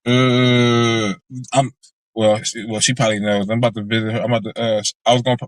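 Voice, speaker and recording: A man co-hosting a podcast in casual chat, chiming in with quick reactions and easy laughs. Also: mid-range voice, flat delivery, dry recording, poor audio. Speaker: podcast co-host.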